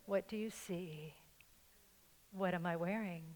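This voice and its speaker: A woman's voice: lowish voice, slow pace, a little mellow, slight background noise. An older woman pastor with a slight New York accent, giving a playful, joking sermon and laughing along with her congregation. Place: church sanctuary with congregation. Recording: long church-hall reverb.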